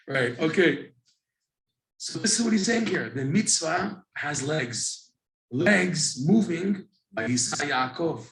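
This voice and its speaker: Animated man teaching a Torah class. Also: fairly high pitch, takes it slowly, echoey room, a little hiss or hum, low-quality recording. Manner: animated, storytelling with acted-out asides. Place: classroom with a few listeners.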